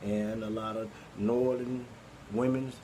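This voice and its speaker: Slow-talking Southern man with an Arkansas accent. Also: fairly low pitch, flat delivery, warm tone, a little hiss or hum, low-quality recording. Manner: slow, rambling, many fillers and restarts. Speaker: poetry group host. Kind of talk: casual live-stream talk.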